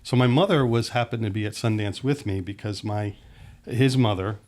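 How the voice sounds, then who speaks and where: A middle-aged filmmaker from Pennsylvania spins a long anecdote on a podcast, circling back and restarting his sentences. His voice sits on the low side. He slips into quoted dialogue as he goes. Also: normal speed, a little mellow. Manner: rambling, restarts mid-sentence, acts out quotes. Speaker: filmmaker guest. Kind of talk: anecdotal storytelling in a podcast chat.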